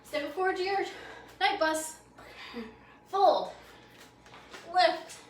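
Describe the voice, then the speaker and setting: A high-pitched woman leads a yoga class with quick, upbeat, encouraging cues, a little breathless as she moves. She is recorded from some distance in an echoey room. A faint hum of noise sits under her voice. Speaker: yoga instructor. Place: library program room.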